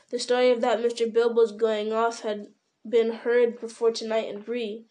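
Woman narrator, storybook reading, steady delivery, fairly high voice. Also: normal speed.

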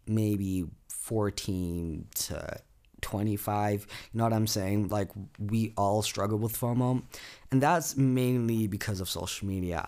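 An eighteen-year-old man from South Africa talks through his own podcast in a low, gravelly voice. He rambles loosely, leaning on fillers and swearing freely. The delivery is an unscripted solo monologue. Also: a little mellow. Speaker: podcast host.

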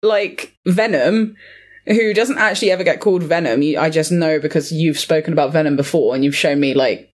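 A woman co-hosting a podcast, chatting casually about a film in a lively, argumentative way, swearing and laughing. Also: sits low, fairly quick. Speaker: podcast co-host. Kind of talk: casual film review chat.

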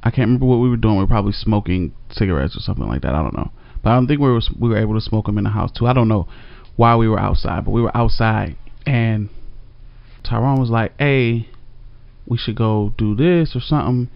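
A man's voice: on the low side, lively intonation, fast, creaky, no room sound. A man, telling his side of a story in casual chat, laid-back and rambling. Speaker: storyteller co-host. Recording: dry, slightly dull audio.

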